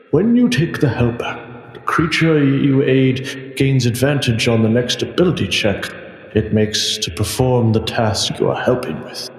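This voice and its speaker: A grave old wizard speaks slowly and solemnly, as a man puts him on. The voice rings with a roomy echo and a long reverb tail. Each phrase is drawn out with weight. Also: medium pitch, natural voice. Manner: slow, drawn-out solemn delivery.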